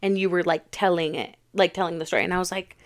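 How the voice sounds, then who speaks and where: A young woman in her twenties, a podcast guest, chatting casually and telling stories with lively quoted voices. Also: lowish voice, fast. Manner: animated storytelling with acted quotes.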